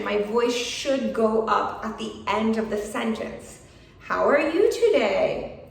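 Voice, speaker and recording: A woman teaching an English lesson, speaking slowly and frankly with an encouraging tone. Her voice sits a little high and comes from some distance in a strongly echoing room. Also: a little hiss or hum. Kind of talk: video lesson talking to camera.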